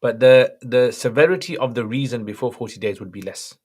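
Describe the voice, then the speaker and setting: A man with a husky, medium-pitched voice talks a little fast as he hosts a casual livestream Q&A. He reads the audience's questions aloud and replies in a relaxed, no-frills way.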